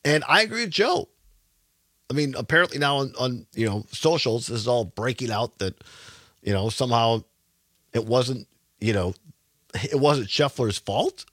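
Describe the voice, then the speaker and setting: A man's voice: medium pitch, animated, normal speed, long pauses, fairly bright tone, dry recording. A man in his fifties hosting a call-in radio talk show, chatting with callers and reading local news aloud. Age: 50s. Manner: chatty, repeats phone number, reads news aloud.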